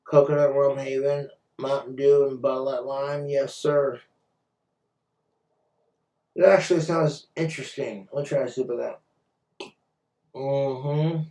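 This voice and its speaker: A man's voice: medium pitch, steady tone, unhurried, long pauses, warm tone. Crude ranting man in an echoey room. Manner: crude, blunt, swearing, ranting. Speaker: vlogger. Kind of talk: profane casual rant. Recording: roomy echo, far from mic.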